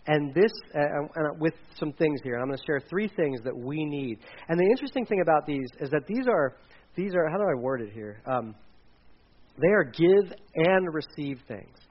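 A man's voice: fairly high pitch, animated, normal speed, highs cut off. A man in his forties, a pastor preaching a casual sermon with dad jokes and frequent fillers. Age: 40s.

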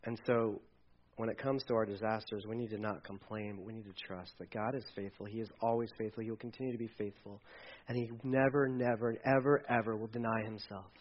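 A male pastor preaching a sermon in a conversational way, moving between soft asides and loud, emphatic readings. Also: on the low side, fairly even intonation, brisk, dull audio.

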